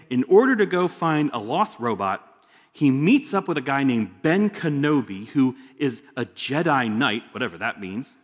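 A male pastor giving a sermon in a church sanctuary, talking conversationally with joking asides. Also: a little high. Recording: long hall reverb.

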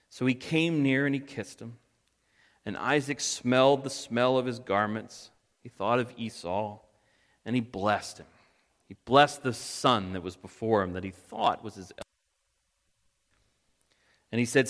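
A man's voice: mid-range voice, measured pace, pauses often, fairly bright tone. A man retelling a Bible story with casual asides and fillers, as a preacher. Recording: long reverb hall.

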